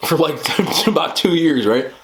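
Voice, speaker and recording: A man hosting a mukbang, chatting casually while eating, talking in an animated way with loud bursts. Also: on the high side, a little slow. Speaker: mukbang host.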